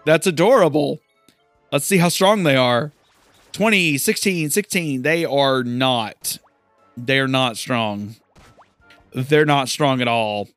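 A man's voice: medium pitch, takes it slowly, pauses often, fairly bright tone, no room sound, soft background music. A man giving casual, rambling commentary while playing a video game, often incredulous at what happens. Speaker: gamer. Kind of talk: let's play commentary.

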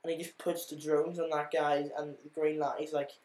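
A man's voice: on the high side, level tone, fairly quick, a little mellow. A young man chatting as a podcast guest, keen and tending to repeat himself. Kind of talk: casual chat. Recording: echoey room.

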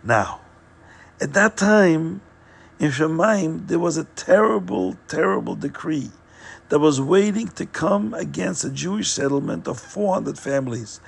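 A male podcast host tells a religious tale earnestly, often circling back over his words. His voice is strongly gravelly and husky, set a little high. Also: lively intonation, measured pace. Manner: earnest, repetitive retelling. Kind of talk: religious storytelling.

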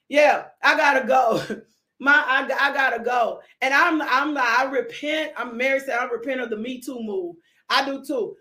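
High-voiced woman preaching fervently. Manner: fervent, with sudden shouts and repeated pleas. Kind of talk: impassioned sermon. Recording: echoey room.

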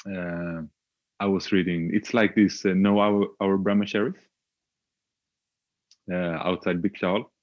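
A young man from Sweden, a podcast guest telling his own story in a halting, hesitant way. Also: deep voice, level tone, no room sound, lo-fi sound. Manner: hesitant, halting, with frequent filler sounds. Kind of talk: reflective personal storytelling.

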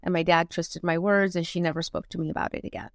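Her voice runs on the low side and her tone stays level as this coach and motivational speaker reflects candidly on her life in an interview. She is earnest and pauses frequently, and the studio sound is clean and echo-free.

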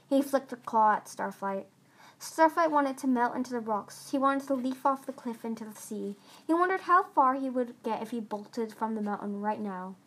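A woman reads a fantasy novel aloud in a slightly high voice. Her reading is earnest, with the occasional stumble and restart. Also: moderate pace, a bit bright. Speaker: audiobook reader.

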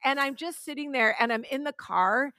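A woman's voice: high-pitched, moderate pace, sharp tone, no echo, clean studio sound. A young woman co-hosting a casual podcast, telling self-deprecating stories in a chatty way. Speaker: podcast co-host. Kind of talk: casual chat.

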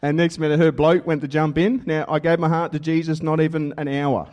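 A man with an Australian accent giving a lively testimony sermon, telling stories with laughter and loud acted-out quotes. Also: fairly high pitch, a little fast. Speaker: preacher.

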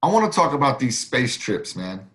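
A man's voice: mid-range voice, big pitch swings, normal speed, fairly bright tone. A man hosting a casual group chat, joking and laid-back. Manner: joking, laid-back, says bro a lot. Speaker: podcast host.

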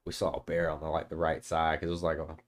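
A man's voice: very deep voice, level tone, quick pace. A young man co-hosting a podcast, telling laid-back, profane stories and mimicking his family's voices in casual chat. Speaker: podcast co-host.

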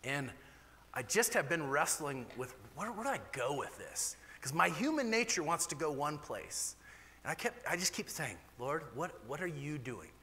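A man preaching from the front of a church, his voice bright and forceful. His talk is candid and animated, and his pitch leaps up now and then. The hall rings with a long reverb behind him. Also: normal speed. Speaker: pastor. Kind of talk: sermon.

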